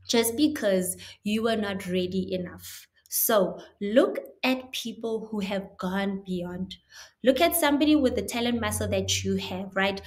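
A woman hosting a motivational talk, emphatic and coaching, often checking in with "right?". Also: on the high side. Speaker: motivational host.

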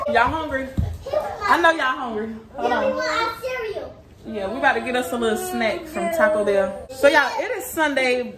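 A woman's voice: on the high side, echoey room. A woman, chatting casually to her viewers at home in a vlog, often calling them y'all. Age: 20s. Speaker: vlogger. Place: home, porch and kitchen.

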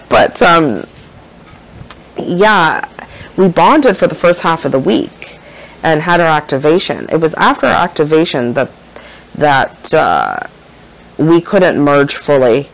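A woman's voice: low voice, very animated, moderate pace, low-quality recording. Earnest rambling woman teaching spiritual ideas. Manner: rambling, earnest, checks in with "okay?" and "right?". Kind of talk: casual spiritual monologue.

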